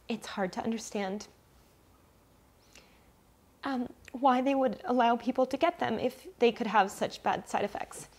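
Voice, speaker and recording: A woman's voice: mid-range voice, darkish tone. A woman in her forties talking candidly to the camera at home about her own health, emotional and hesitant, with frequent ums and restarts, then reading a list of symptoms aloud item by item. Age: 40s. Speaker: vlogger sharing a personal health story. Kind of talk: casual personal vlog. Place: at home, messy room.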